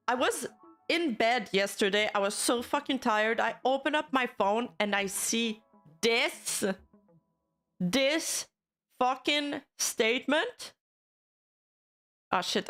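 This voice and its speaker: A woman's voice: medium pitch, fairly bright tone. A woman VTuber streamer talking to her chat live, heated and swearing as she rants. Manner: heated, swearing, talks fast in bursts. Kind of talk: live stream commentary rant.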